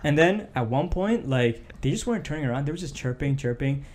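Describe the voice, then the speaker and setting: A young man from Canada, co-hosting a podcast, tells a story in casual chat and acts out the quotes. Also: a little fast. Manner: animated, acts out quotes with raised pitch. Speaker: podcast co-host.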